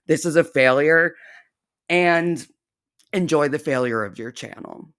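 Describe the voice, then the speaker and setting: A woman's voice: low voice, unhurried, fairly bright tone, clear, resonant tone. A woman hosting a reaction video, ranting in a profane, sarcastic and scornful way. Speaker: reaction channel host.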